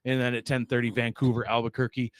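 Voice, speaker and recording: A man's voice: mid-range voice, flat delivery, quick pace, dry recording. A man hosts a sports show, chatting casually in a medium voice that rambles and pokes fun at himself. The sound is dry and close, with no room around it. He stacks fillers as he runs through the schedule. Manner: rambling, self-deprecating, lots of fillers. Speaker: show host.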